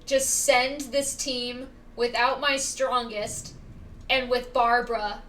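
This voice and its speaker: A woman's voice: fairly high pitch, flat delivery, takes it slowly, fairly bright tone, far from the mic, a little hiss or hum. A woman live-streaming a game, talking dramatically to her viewers, pleading and wailing over her luck. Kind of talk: casual live-stream chatter while gaming.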